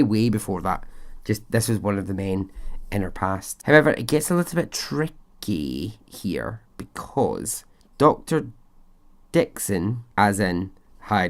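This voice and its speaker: A man hosting a podcast, narrating a true story casually with chatty asides and frequent fillers. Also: lowish voice. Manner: chatty, conversational asides, frequent "you know".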